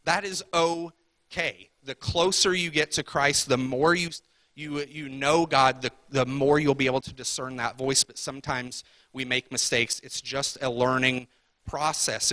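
A man's voice: fairly high pitch, bright, forceful tone, no room sound. A man preaching a sermon as pastor, talking conversationally and asking the congregation repeated rhetorical questions.

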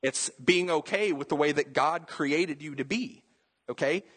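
Husky-voiced man preaching casually. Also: fairly high pitch, a little slow, a bit bright. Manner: casual, conversational preaching with asides and playful voices. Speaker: pastor. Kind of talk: sermon.

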